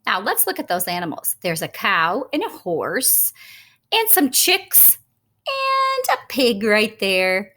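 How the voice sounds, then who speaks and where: Slow, super sing-songy lady reading a kids' picture book, teacher voice. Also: mid-range voice. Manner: animated, coaxing teacher-like storytime voice. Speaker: children's story reader.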